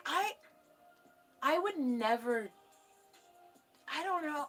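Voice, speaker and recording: A young woman with a bright, clear tone talks loosely into a desk mic, full of fillers and quick laughs. Her chat rambles in an easy, unscripted vlog way. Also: sits high, sing-song, soft background music. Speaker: YouTuber reading a book aloud.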